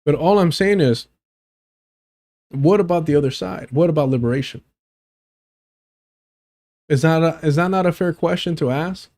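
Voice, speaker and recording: A man's voice: on the high side, moderate pace, pauses often, a little mellow. Man pressing rhetorical questions on stream. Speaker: live streamer. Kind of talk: streamed debate argument.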